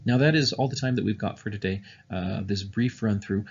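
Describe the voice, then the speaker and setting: A man's voice: lowish voice, brisk, highs cut off, slight background noise. A man teaching music theory in a recorded online lesson, explaining step by step with frequent "uh" and "um" fillers.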